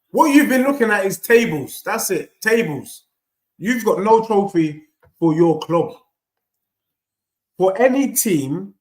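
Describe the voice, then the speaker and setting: Brief: high-pitched lad, live watchalong host, rowdy banter, roomy echo. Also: male voice. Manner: animated banter, shouting at goals, teasing chat. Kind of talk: live football watchalong reacting to chat.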